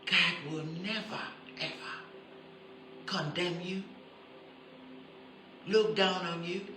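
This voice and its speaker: A woman preaching a sermon who stresses her points by repeating them and turns soft and intimate when she appeals to her listeners. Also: lowish voice, slow, reverberant, background noise. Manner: emphatic, repeats key phrases for stress.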